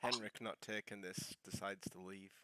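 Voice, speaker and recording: A man playing in a tabletop game, making dry deadpan quips. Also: low-pitched, moderate pace, very noisy. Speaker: player.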